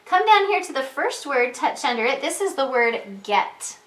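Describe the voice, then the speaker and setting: A woman teaching an online preschool reading lesson, speaking slowly and clearly, guiding children word by word and asking them encouraging questions. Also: sits high, big pitch swings, fairly bright tone. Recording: echoey room sound.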